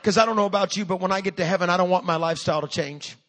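A pastor in his fifties delivers a lively sermon in a notably high voice. He preaches with energy and humor, and he pushes toward loud, rousing calls to his congregation. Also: racing.

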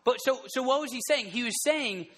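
A man in his thirties gives a sermon in a lively storytelling manner, often restarting his sentences. His voice sits high for a man and sounds bright. The sound rings with a long hall reverb. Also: brisk. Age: 30s. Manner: animated storytelling, rambling restarts. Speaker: preacher. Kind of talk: sermon to a group.

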